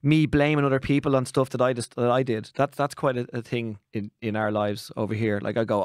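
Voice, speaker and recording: An Irish man hosting a podcast, talking in a quick, jokey, rambling way. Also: medium pitch, flat delivery, a little mellow, no room sound, clean studio sound. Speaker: podcast host. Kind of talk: casual chat.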